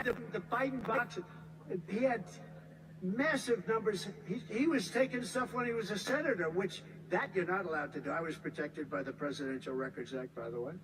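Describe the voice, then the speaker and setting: A man's voice: sits high, noisy background. An American man in his seventies giving a rambling, repetitive, emphatic campaign rally speech from a podium. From United States. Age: 70s. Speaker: politician.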